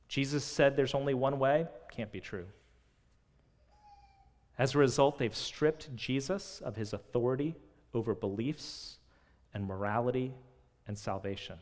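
Man, pastor preaching, earnest, rhetorical questions, mid-pitched voice, long hall reverb. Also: unhurried, pauses often. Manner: earnest, rhetorical questions, dynamic swings in loudness. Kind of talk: sermon.

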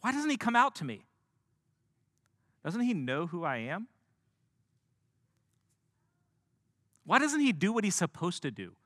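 A preacher voicing an offended, proud foreign commander who demands to be treated with respect. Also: male voice, medium pitch, expressive, slow, fairly bright tone, dry recording, studio quality, long reverb tail. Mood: outraged. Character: indignant proud foreign army commander, male.

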